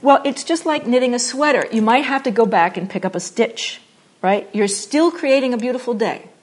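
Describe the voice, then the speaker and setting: Woman teacher, spiritual talk; animated and playful, with quiet, slow repeated phrases. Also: on the high side. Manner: animated and playful, acting out examples with laughter; drops to soft, slow repetition when guiding meditation. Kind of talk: spiritual talk mixing meditation and acting.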